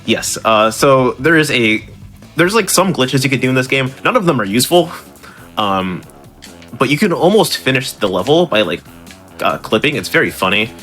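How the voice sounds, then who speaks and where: A man's voice: mid-range voice, sing-song, moderate pace, fairly bright tone, faint music behind. Giggly rambling male speedrunner. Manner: laughing, rambling, self-mocking. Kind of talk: casual commentary while playing.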